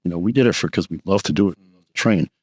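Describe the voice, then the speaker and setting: A man's voice: low-pitched, a little mellow, husky. A man, a podcast guest telling blunt, profane stories in casual chat. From Texas. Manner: blunt, profane, fast anecdotes. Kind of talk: casual storytelling.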